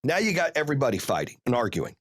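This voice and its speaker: A man's voice: mid-range voice, no room sound, studio quality. A man telling a profane play-by-play story. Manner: profane, animated, rapid play-by-play. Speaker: podcast host. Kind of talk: casual storytelling.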